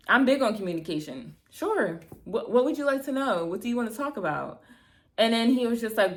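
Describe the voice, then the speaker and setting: A woman in her thirties telling a bad-date story to camera, animated and exasperated, acting out both sides of the conversation, with lots of "like" and casual swearing. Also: mid-range voice, a little fast. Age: 30s. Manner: heavy filler "like", casual swearing. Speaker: vlogger. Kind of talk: storytime vlog, casual retelling.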